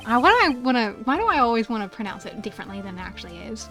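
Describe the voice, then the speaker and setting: A young woman streaming a game playthrough, reacting loudly and crudely with exasperated commentary. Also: on the high side, sing-song, racing, hardly any pauses, faint music behind.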